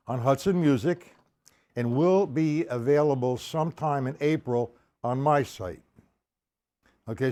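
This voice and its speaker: A man's voice: medium pitch, darkish tone. A man teaching a drum lesson, explaining patterns step by step and counting sixteenth notes aloud. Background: drum kit playing.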